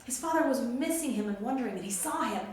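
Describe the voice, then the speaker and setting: Woman teaching children a Bible lesson, high voice, animated storyteller, very echoey room with faint noise. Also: fast talker, distant mic. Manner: animated, acts out characters' quotes.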